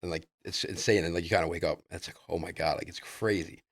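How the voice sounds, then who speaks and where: A man telling a rambling personal story as a podcast guest in casual chat, loose and excitable, full of "like" and "dude". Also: low-pitched, quick pace, dry recording, studio quality.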